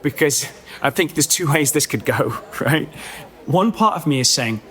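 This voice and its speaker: A man telling a comic story on a podcast, animated and self-mocking, with many chatty asides. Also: a little high, moderate pace.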